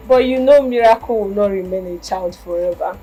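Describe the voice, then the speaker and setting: A woman's voice: medium pitch, warm tone, breathy edge, poor audio. An actress playing a polite young housemaid who reassures her employer, in a film. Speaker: maid. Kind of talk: film acting.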